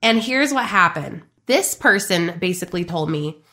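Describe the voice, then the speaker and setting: Bright, emphatic woman podcast host. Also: mid-range voice, lively intonation, normal speed, hardly any pauses. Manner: emphatic, chatty, addresses listeners directly. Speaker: podcast host and business coach. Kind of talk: casual motivational monologue.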